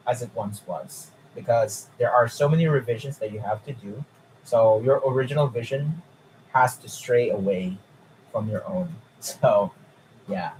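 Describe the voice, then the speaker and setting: A young man chatting casually on a live stream, excitable and incredulous, swearing freely. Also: mid-range voice, slight background noise, rough recording.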